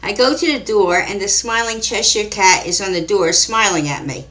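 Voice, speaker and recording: A woman reading her own mystery story aloud in a calm, measured storytelling manner. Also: mid-range voice. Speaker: author and narrator. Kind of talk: scripted story narration.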